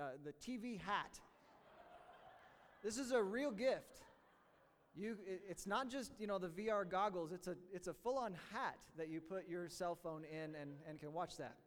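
A man's voice: high voice, big-room sound. A male pastor giving a sermon in a church, joking first and then teaching earnestly, often stumbling and repeating words. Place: church sanctuary.

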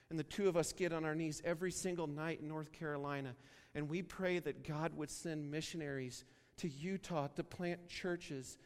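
A man from Wyoming preaching a sermon, telling a story and acting out the dialogue in an animated way. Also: on the high side, moderate pace. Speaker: pastor. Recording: long reverb of a large hall.

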